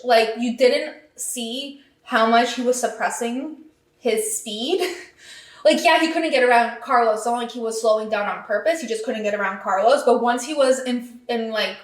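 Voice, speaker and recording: A woman with a slightly high voice gives a chatty, excitable podcast recap, tossing in "like" and "um" constantly. Her voice rings in a roomy, echoey space. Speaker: podcast host. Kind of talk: casual race recap.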